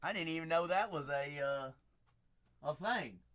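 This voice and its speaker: A raspy, slightly high-voiced man hosts a live card break stream at an unhurried pace. Chatty throughout, he hypes up the viewers and gives shout-outs by name.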